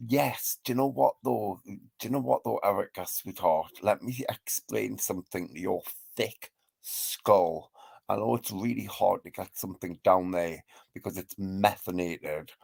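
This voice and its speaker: A man's voice: low voice, moderate pace, gravelly, darkish tone, husky, no room sound. A man hosting a live stream, ranting and trading insults in a mocking gossip style, laughing often.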